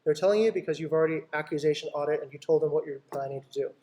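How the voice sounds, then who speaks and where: A man's voice: on the high side, very fast, slight background noise. A man, a company boss, coaching his sales team in an online meeting, acting out client talks and often checking in with "right?". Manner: lively, acts out client dialogues, keeps asking "right?".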